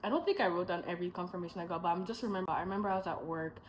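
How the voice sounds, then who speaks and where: A woman's voice: on the low side, animated, very fast, slight background noise, low-quality recording. A young woman in a casual vlog, telling her faith testimony as a rambling story. She adds asides, corrects herself and acts out what she and others said. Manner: chatty storytelling, acting out her own past dialogue.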